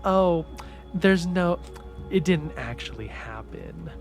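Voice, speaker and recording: Man putting on a panicky scheming seductress, high squeaky pitch, defensive. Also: lively intonation, slow, faint music behind. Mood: flustered.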